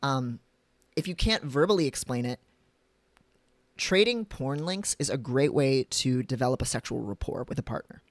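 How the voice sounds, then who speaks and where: A man's voice: medium pitch, animated, normal speed, dry recording. A man reading from his own book on a livestream, speaking frankly and going off on chatty personal tangents. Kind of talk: reading aloud with casual asides on a livestream. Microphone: desk mic for a live stream.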